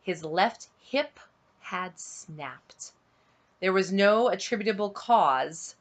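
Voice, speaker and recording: A woman reading a novel aloud at home, unhurried and dramatic, dropping to a hush at tense moments. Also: medium pitch, animated. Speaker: audiobook reader on her channel.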